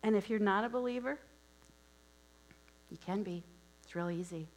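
A woman's voice: medium pitch, normal speed, rough recording. Woman preacher, casual storytelling sermon, hum in background. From Wisconsin. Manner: conversational storytelling with asides.

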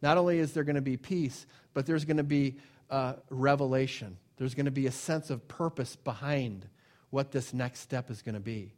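A man's voice: medium pitch, normal speed, a little mellow. A man giving an informal sermon and telling a personal story. He acts out quoted voices, repeats phrases and often restarts his sentences. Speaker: preacher.

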